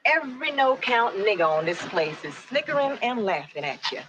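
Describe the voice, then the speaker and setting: A woman's voice: a little high, big pitch swings, normal speed, background noise. An actress playing a proud, stern enslaved woman in a film, speaking in an indignant, scolding way.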